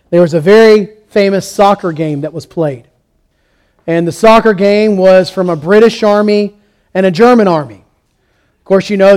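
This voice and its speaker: High-voiced male pastor preaching. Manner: storytelling preacher, rising to animated peaks. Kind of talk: sermon.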